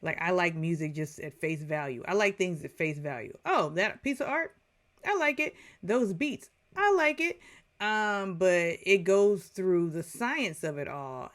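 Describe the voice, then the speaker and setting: A woman in her forties giving a casual, chatty movie review, full of digressions and playful asides. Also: fairly low pitch.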